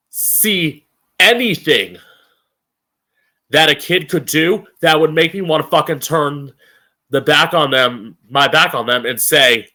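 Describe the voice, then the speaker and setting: A man's voice: fairly high pitch, animated, unhurried, bright, forceful tone. A young man hosting a live-streamed opinion show, ranting angrily with a lot of profanity and emphasis. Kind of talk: opinionated rant.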